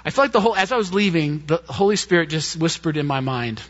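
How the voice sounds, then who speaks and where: A man preaching, telling a personal story in an animated way and acting out the quotes. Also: a little high, quick pace, hardly any pauses. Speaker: pastor. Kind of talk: sermon storytelling. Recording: dull muffled lo-fi sound.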